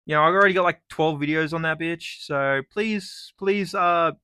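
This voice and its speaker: A man's voice: a little high, normal speed, clean tone. A young Australian man ranting on his vlog, swearing freely and mocking with sarcasm. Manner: profane, sarcastic, animated ranting. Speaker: YouTuber.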